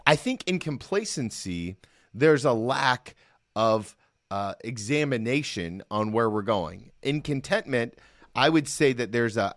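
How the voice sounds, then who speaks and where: Recorded cleanly in a studio with no room sound, the same kind of host, a middle-aged man doing solo devotional podcast talk, uses a medium-pitched, slightly bright voice. He's earnest and conversational and keeps checking in with whoever's listening.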